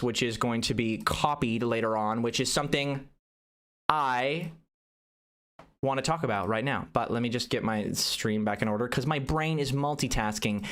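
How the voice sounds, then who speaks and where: A man chatting casually on a live gaming stream, animated, rambling and self-deprecating. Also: mid-range voice.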